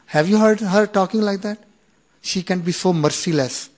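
A man in his fifties shares a personal story at a relaxed storytelling pace. His voice sits a little high for a man. He stumbles and restarts often, then acts out the quoted lines with sudden bursts of force. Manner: animated retelling with acted-out quoted dialogue; halting, with many restarts and "you know". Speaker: speaker sharing a personal story.

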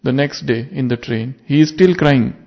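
A man's voice: mid-range voice, moderate pace. A man giving a reflective spiritual sermon, asking his listeners searching questions. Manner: earnest, reflective, poses rhetorical questions. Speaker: spiritual teacher. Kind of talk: sermon with parable. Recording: muffled lo-fi recording.

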